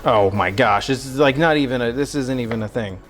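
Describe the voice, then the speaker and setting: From his home kitchen, a man hosts a cooking livestream with faint music behind, speaking at a medium pitch and a little fast. He's out of breath from sawing, casually joking, rambling, and bantering self-deprecatingly with chat as he works.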